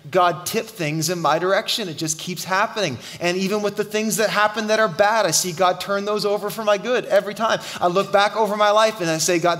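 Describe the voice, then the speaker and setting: A middle-aged man, a pastor preaching a sermon and telling stories in an animated way. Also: sits high. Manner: animated storytelling, shouting at the climax. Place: church hall. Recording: long hall reverb.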